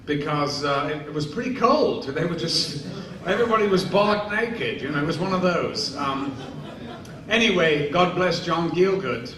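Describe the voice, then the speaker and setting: A man in his sixties with a slightly high, expressive voice speaks at a moderate pace, spinning rambling, amused anecdotes for a live convention audience and acting out the quotes. It's a live Q&A storytelling session in a large convention hall, with crowd noise. The distant mic picks up an echoey hall and faint noise.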